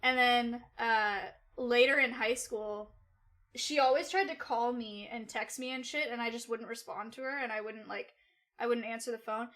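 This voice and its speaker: A woman's voice: on the high side, steady tone, moderate pace, a bit bright. A young adult woman livestreaming, telling a personal story to her chat in a rambling, casual way, with lots of "like" and swearing. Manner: rambling, loose and swearing, full of "like".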